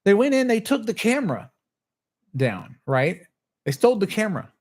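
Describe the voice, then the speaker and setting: Speaking at a normal pace, this man has a high, very animated voice. He's the channel host, and in a relaxed livestream he works through a lengthy, heated tale, swearing and mimicking the words of others.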